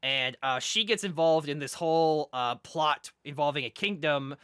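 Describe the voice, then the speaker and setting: A man co-hosting a casual podcast chat, rambling excitedly with lots of fillers and restarts. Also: fairly high pitch, normal speed, clean tone, no echo, studio quality. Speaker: podcast co-host.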